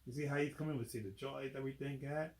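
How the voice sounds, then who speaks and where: A relaxed young man reading a picture book to children in a casual, chatty way. He pauses to explain the pictures and keeps checking in with little questions, his voice at an average pitch. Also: reverberant. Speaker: volunteer reader. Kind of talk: children's read-aloud.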